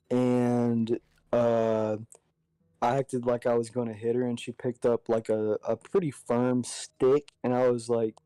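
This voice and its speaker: A young man chatting casually and telling stories about his school days, swearing freely. His voice is mellow and dark. The sound is dry, with no room echo. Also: medium pitch, level tone, measured pace, smooth. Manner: laid-back storyteller, swears a lot. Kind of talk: casual chat.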